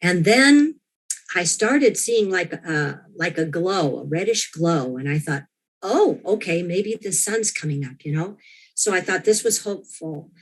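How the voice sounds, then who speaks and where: A woman's voice: fairly low pitch, expressive, a little slow. A woman as an interview guest, earnestly recounting a personal experience, often restarting and quoting her own thoughts. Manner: earnest, with frequent restarts and quoted inner thoughts.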